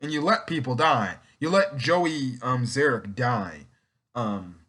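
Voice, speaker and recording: A man talking casually through a TV episode recap in a loose, rambling way. He restarts sentences, corrects himself and slips into quick acted-out quotes from the characters. His voice sits at an ordinary middle pitch. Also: a bit bright. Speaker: TV episode reviewer.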